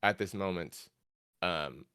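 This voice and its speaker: A man running a tabletop game as game master, narrating haltingly with many fillers. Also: low voice, pushed and bright, clean tone.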